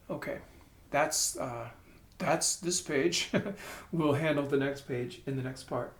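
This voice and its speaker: In a room with a piano, a man gives a casual piano lesson, thinking aloud and pausing to sing notes and syllables. His voice is medium-pitched and slow, and the roomy recording picks up piano playing.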